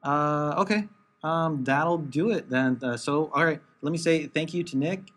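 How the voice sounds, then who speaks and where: A man's voice: fairly high pitch, a little slow, a bit bright. Hesitant male podcast host. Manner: hesitant, many fillers. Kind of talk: casual chat. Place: studio in Los Angeles.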